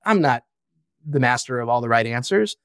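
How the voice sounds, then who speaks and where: A man's voice: medium pitch, expressive, normal speed, a bit bright, dry recording, clean studio sound. Frank, reflective man on a podcast. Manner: frank and reflective, swears casually. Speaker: podcast guest, founder and father. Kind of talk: candid conversational interview.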